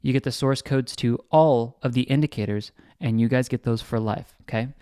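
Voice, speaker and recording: A man hosting a trading channel, giving casual market commentary in an energetic, salesy way with lots of repeats and restarts. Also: medium pitch, normal speed, smooth, no room sound, clean studio sound. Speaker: crypto trading channel host.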